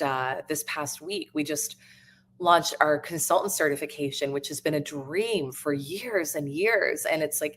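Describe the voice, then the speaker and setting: Woman on a live stream, earnest coaching talk, lots of ums and restarts, slightly low voice. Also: a bit bright. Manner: earnest, reflective, frequent fillers and restarts. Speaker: podcast host and business coach.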